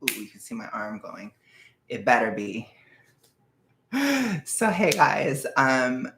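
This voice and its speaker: A nervous young man vlogging casually from his bedroom, rambling and self-conscious, sometimes dropping into hushed asides. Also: medium pitch, wildly swooping pitch, slow, pauses often, background noise. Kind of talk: casual confessional chat. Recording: echoey room.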